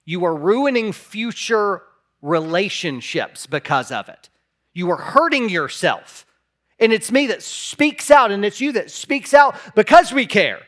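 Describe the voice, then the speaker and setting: A man's voice: sits high, sing-song, a little slow, fairly bright tone. A man preaching a sermon as pastor, impassioned, sometimes acting out imagined replies in a raised voice.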